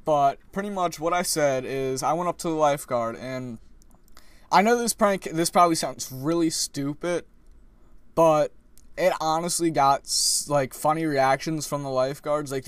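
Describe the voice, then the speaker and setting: A man's voice: fairly high pitch, normal speed, dry recording. Rambling young man telling a story. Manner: rambling, animated, restarts often. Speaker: vlogger. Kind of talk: casual storytime rant.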